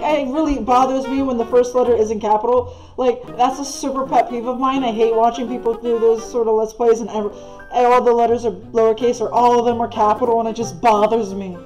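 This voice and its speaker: A woman's voice: a little high, a little mellow, poor audio. A woman giving casual, gushing gameplay commentary as a let's play gamer. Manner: gushing, easily delighted.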